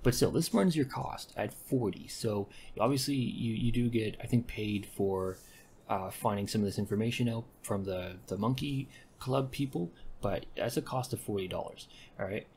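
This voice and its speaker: Low gravelly man rambling over gameplay. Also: moderate pace, slight background noise. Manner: rambling, self-correcting, deadpan asides. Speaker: gaming commentator. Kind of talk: casual gameplay commentary.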